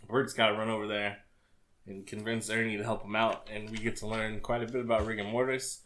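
A man's voice: lowish voice, little pitch movement, brisk, a bit bright, slight background noise. A man co-hosting a podcast in casual chat, rambling with crude, jokey banter. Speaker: podcast co-host.

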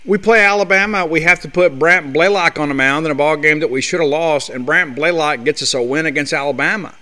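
A man's voice: a little high, brisk, pushed and bright. A man hosting a sports talk show, delivering a blunt, fired-up monologue full of rhetorical questions.

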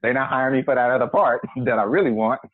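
This forty-something actor, phoning in as a guest, has a medium-pitched voice with a breathy edge and a quick pace. He tells stories in a relaxed, joking manner, laughing along, and the line sounds tinny and dry.

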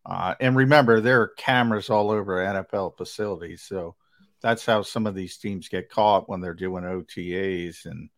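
A man's voice: deep voice, moderate pace. A man co-hosting a casual sports talk show, rambling and emphatic with lots of fillers.

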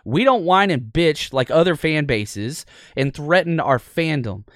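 Animated, opinionated man, dry close mic. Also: a little high, unhurried, no room sound. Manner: animated and opinionated, laughs often. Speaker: sports video host. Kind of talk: casual football film breakdown.

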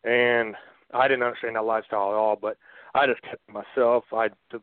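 A man's voice: mid-range voice, level tone, smooth, no room sound. Earnest man telling his story over a phone. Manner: earnest, halting and candid. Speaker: interview guest. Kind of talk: personal faith testimony on a phone-in radio show. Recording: dry, narrow phone line.

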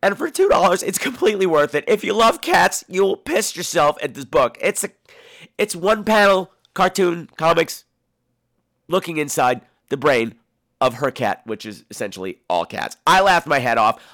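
Man, podcast host, casual monologue, theatrical, swears a lot, very animated pitch. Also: normal speed, no echo, clean studio sound. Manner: animated, profane storytelling; campy, theatrical delivery.

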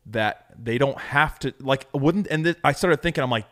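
A man's voice: medium pitch, normal speed, a bit bright. A man co-hosting a casual podcast chat, talking enthusiastically and rambling with lots of fillers. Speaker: podcast co-host.

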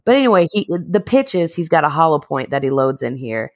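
A woman co-hosting a podcast, swearing freely as she tells animated stories in casual chat. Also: low-pitched, brisk, no room sound, clean studio sound. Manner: profane, animated storytelling. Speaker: podcast co-host.

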